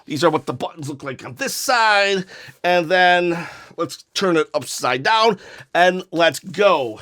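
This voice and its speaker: High-voiced man chatting through an unboxing. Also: lively intonation, a little slow, fairly bright tone. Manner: chatty and jokey, chuckling at his own asides. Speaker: unboxing video host. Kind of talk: casual unboxing commentary. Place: home room with posters. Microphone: desk microphone.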